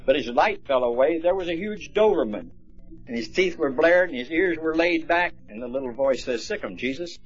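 A man's voice: a little high, animated, moderate pace. A man speaking at a recovery meeting, telling stories in a folksy, plainspoken way. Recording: dull lo-fi recording, faint music.

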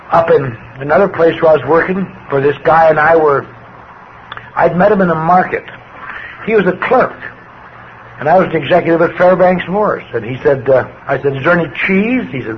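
An older man giving a plainspoken personal testimony to a recovery group, his voice swinging with emotion as he tells his story. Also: a little high. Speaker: recovery speaker. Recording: dull lo-fi recording with faint hiss.

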